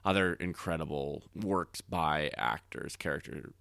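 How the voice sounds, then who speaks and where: A man's voice: extremely low pitch, measured pace, vocal fry, fairly bright tone, dry recording. A man co-hosting a podcast, chatting casually and thoughtfully, often trailing off and restarting. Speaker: podcast co-host.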